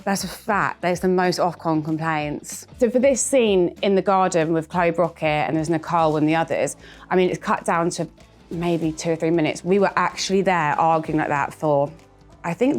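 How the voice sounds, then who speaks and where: A woman in her thirties talks openly and with self-mocking humour about her past. Her voice sits a little low, and faint music plays behind her. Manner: candid, chatty, self-mocking. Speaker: reality TV star. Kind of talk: reacting to old clips, casual chat.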